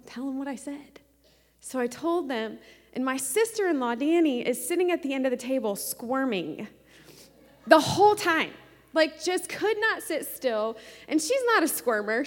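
High-voiced woman pastor telling her story. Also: in a large hall. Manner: emotional storytelling, quotes others in softer voice. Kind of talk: sermon testimony.

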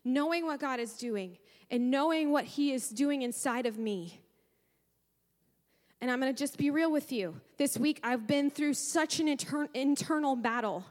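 A woman pastor delivers a fervent, emotional sermon in a high voice. Her words ring out into a church hall with a long reverb trailing behind them. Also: moderate pace, darkish tone. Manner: fervent and emotional, with sighs and repeated praise. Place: church sanctuary.

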